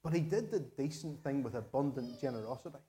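A man with a Northern Irish accent preaching a sermon to his parish, earnest and measured, repeating key phrases for emphasis. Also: medium pitch, lively intonation, mellow. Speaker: pastor.

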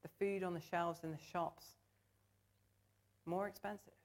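A woman gives a sermon in church, earnest and conversational in tone. Her voice sits a little low, and she pulls the congregation in as she talks. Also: steady tone, a little slow. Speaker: preacher.

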